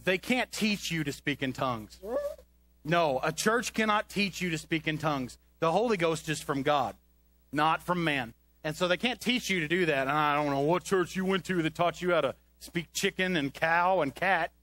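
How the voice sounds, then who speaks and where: A man's voice: on the high side, normal speed, bright, forceful tone, slight background noise. A man presenting a comedic kids' skit on a church stage, talking into a handheld microphone to a puppet dog in an exasperated, coaxing way. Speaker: children's ministry presenter.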